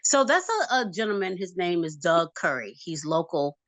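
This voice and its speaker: A woman's voice: fairly low pitch, expressive, normal speed, dry recording. Effusive woman on a video call. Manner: warm, effusive, laughs often. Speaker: filmmaker guest. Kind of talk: casual video call interview. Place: home.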